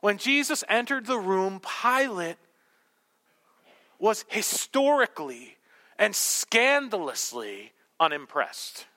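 A male pastor preaching a sermon to a congregation, swinging from loud, emphatic declarations to hushed whispers. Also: high-pitched, very animated, slow. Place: church hall with congregation.

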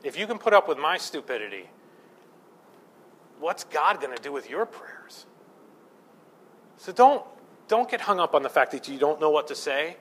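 Male pastor, sermon, slightly high voice, casual and self-mocking, swells into fervor. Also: very animated, moderate pace, long pauses, fairly bright tone. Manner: conversational, self-deprecating, building to fervent emphasis.

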